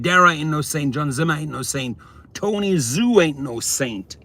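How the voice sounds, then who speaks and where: A man's voice: on the high side, lively intonation, normal speed, pushed and bright. A man streaming live from his car as a rideshare driver. He is tired and yawning, chats animatedly and greets viewers by name. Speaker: rideshare driver hosting a livestream. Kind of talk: live-stream chat while driving. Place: inside a car on city streets at night. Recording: road and traffic noise.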